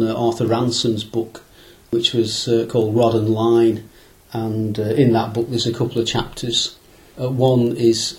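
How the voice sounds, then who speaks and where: A man's voice: mid-range voice, darkish tone, rough recording. A man in a casual conversation, recalling fishing trips in a rambling, anecdotal way with many fillers and restarts.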